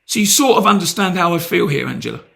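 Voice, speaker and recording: A man's voice: sits high, sing-song, fast, gravelly, fairly bright tone. A British man making a heated, blunt complaint on a phone call, pressing and sarcastic. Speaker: complaining customer.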